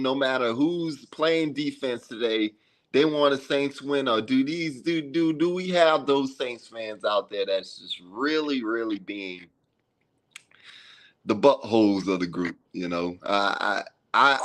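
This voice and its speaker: A man's voice: mid-range voice, fairly bright tone. A man with a New Orleans accent hosting a sports podcast, making a long, repetitive appeal to fans in casual talk. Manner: pleading, repetitive, drawn-out fan appeal. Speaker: podcast host.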